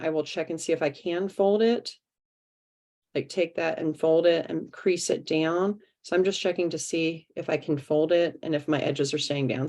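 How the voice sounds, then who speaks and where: A woman's voice: deep voice, darkish tone. A woman walking an online workshop through a craft project step by step, chatting as she works over a video call. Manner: chatty, step-by-step explaining while working. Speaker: art teacher leading a craft workshop.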